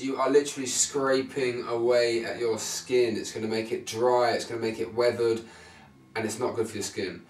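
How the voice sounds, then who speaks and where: A man giving blunt, swearing skin care advice to camera, often checking in with "right?" and "okay?". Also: medium pitch. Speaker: men's fashion vlogger. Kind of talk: casual direct-to-camera advice. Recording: echoey room, mic at a distance.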